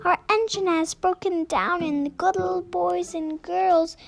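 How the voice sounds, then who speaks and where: A woman's voice: very high-pitched, fairly even intonation, measured pace, creaky, voice pushed up, heavily acted. A woman voicing a chorus of small dolls and toys pleading for help. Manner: begging, pleading.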